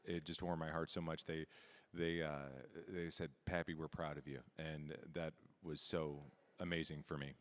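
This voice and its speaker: An older grandfather, a returning auctioneer, answering an interview in a heartfelt, halting way. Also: very deep voice, little pitch movement, a bit bright. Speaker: auctioneer contestant.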